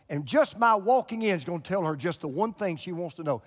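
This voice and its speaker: A pastor in his sixties preaching a sermon to a church, swinging from loud exclamations to hushed low tones. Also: expressive, fast talker, few pauses. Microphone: broadcast camera recording. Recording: long hall reverb.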